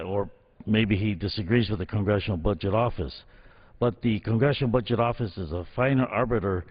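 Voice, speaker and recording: A man speaking as a ranking committee member in a formal floor debate, deliberate and stressing key words. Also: fairly low pitch. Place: large legislative chamber. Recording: dull muffled audio.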